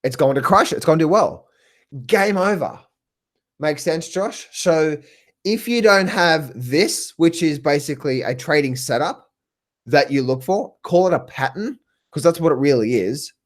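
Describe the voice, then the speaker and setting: A man with an Australian accent coaching traders on a live stream. He talks excitedly, repeats himself, laughs often and calls viewers by name. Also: a little high, moderate pace. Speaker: trading coach. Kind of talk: live stream talk answering viewers in chat.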